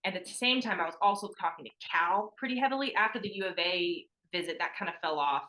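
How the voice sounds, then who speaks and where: A former college athlete in her young adult years chats quickly as a podcast guest, her lowish voice pushed and bright on a low-quality recording. It's a casual storytelling interview, and she keeps saying "like" while acting out what others told her.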